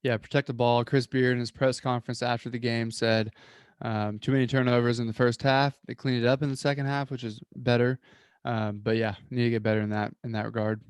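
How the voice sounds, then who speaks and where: Man with a smooth, flat voice. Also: medium pitch, fairly quick, no echo, clean studio sound. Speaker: podcast co-host. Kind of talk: casual sports podcast chat.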